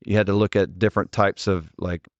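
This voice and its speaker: A man's voice: on the low side, steady tone, brisk, dry recording, lo-fi sound. A man in his forties, a ministry leader, telling stories earnestly and directly in an interview, often restarting his words. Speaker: ministry leader, podcast guest. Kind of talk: conversational interview storytelling.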